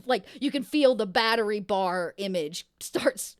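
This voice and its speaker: A woman narrating a tabletop game as game master, chatty and quick to laugh. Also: medium pitch, expressive, clean tone, no echo.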